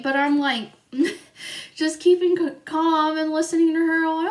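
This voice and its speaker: Slow, high-voiced young woman vlogger. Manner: chatty, rambling, giggly, lots of filler. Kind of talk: storytime vlog.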